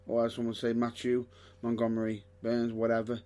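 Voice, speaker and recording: A man's voice: medium pitch, steady tone, normal speed. A man hosting a casual wrestling podcast, joking and rambling and correcting himself as he talks. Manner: jokey, rambling, self-correcting. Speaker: podcast host.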